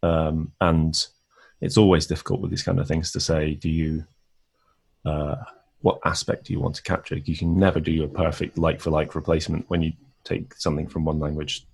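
A man's voice: very deep voice, flat delivery, a little fast, vocal fry, a little mellow, breathy edge. A man co-hosting a casual literary discussion, thoughtful and hesitant, with frequent fillers. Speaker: podcast co-host discussing a classic novel.

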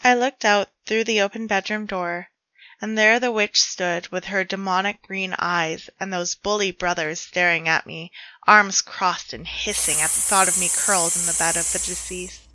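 A woman reading her own dark fiction aloud in a measured way, hushed in quieter passages. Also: on the low side, fairly even intonation, low-quality recording. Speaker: storyteller.

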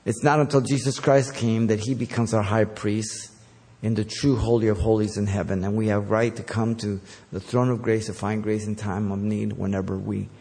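A man's voice: lowish voice, fairly even intonation, normal speed, mellow, in a large hall. A man preaching a conversational sermon as pastor, with filler words and self-corrections along the way.

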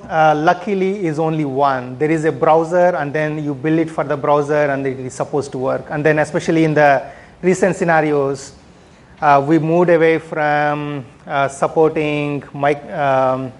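Guy giving a tech conference talk, kinda higher voice, lots of uh and um, keeps asking right?. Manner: conversational, frequent "right?" tags and fillers. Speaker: conference speaker, product manager.

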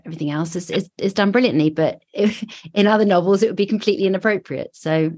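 A woman's voice: medium pitch, quick pace, a little mellow. A woman on a book panel, thinking aloud in a reflective way. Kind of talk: casual chat.

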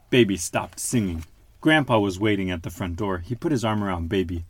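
A man hosting a podcast with his child, reading a picture book aloud in an animated, playful way. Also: fairly low pitch, a little fast, no room sound. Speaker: father and podcast host.

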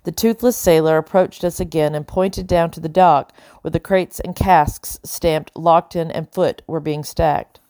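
A woman reads a first-person audiobook in a steady, measured way, her voice sitting a little low. She is close to the mic, and the sound is dry with no room around it. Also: dry recording. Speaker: audiobook narrator.

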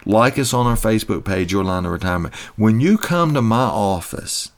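Male financial advisor host, lowish voice, folksy and emphatic, salesman-style talk. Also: animated, normal speed. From United States. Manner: folksy, emphatic, repetitive preaching delivery. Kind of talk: promotional radio-style talk.

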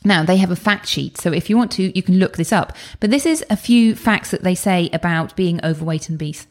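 A woman's voice: on the low side, brisk. A woman in her thirties or forties, a wellness coach speaking straight to the listener about emotional eating, acting out inner thoughts in little quoted asides.

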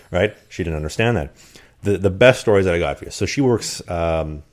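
A man telling rambling, animated stories in casual chat on a podcast. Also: sits low, fairly quick. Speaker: podcast guest. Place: rented apartment.

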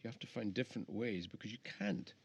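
A man's voice: on the low side, steady tone, quick pace, vocal fry, husky. A middle-aged man, an architect guest, talking in a rambling, reflective way with many restarts, in casual interview chat. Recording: faint background noise.

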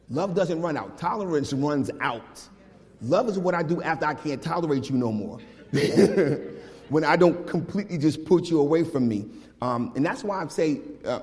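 A man preaching a casual, lively sermon, animated and full of slang, talking to his congregation like old friends. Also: medium pitch. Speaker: pastor. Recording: long hall reverb.

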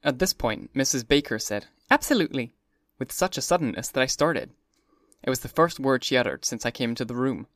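A man giving a measured, even first-person reading of a classic novel. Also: medium pitch, no room sound, clean studio sound. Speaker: audiobook narrator. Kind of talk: scripted first-person narration.

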